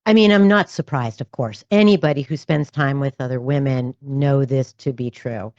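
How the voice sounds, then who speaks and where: Woman, low voice, podcast host, thoughtful, muffled dry recording. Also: normal speed, darkish tone, no echo. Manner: thoughtful, frequent "you know" asides. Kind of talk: conversational interview.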